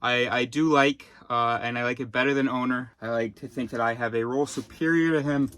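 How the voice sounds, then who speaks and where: A man's voice: medium pitch, steady tone, a little fast, a bit bright. A man thinking aloud in a rambling personal vlog, often restarting his sentences and wandering into asides. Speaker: vlogger.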